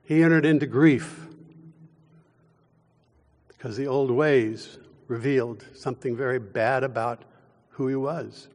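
A man preaching a sermon as pastor, with deliberate, emphatic delivery and dramatic pauses. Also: mid-range voice, steady tone, a little mellow, big-room sound.

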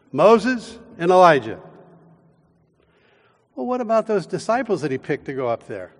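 A man delivering a sermon, his voice pitched a little above the usual for men. He preaches slowly and deliberately, leaning on emphasis and long dramatic pauses. His words ring out with a long reverb, as if recorded in a large hall. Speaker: pastor.

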